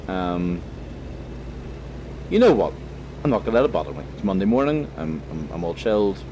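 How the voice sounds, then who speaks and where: A man's voice: sits low, big pitch swings, moderate pace, long pauses, dark tone, slight background noise. A man with a Northern Irish accent giving casual, rambling let's-play commentary, full of fillers and cheerful swearing. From Northern Ireland. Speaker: gaming commentator.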